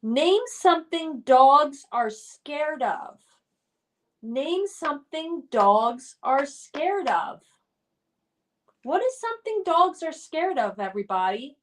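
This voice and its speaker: A woman's high voice sounds far from the mic as she hosts a relaxed live stream game, reading viewer comments aloud and encouraging everyone cheerfully.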